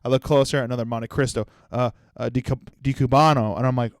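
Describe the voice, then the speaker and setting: A man's voice: mid-range voice, fairly even intonation, fast, no room sound. A man in his twenties hosting a solo comedy podcast, telling rambling, profane stories. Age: 20s. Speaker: podcast host.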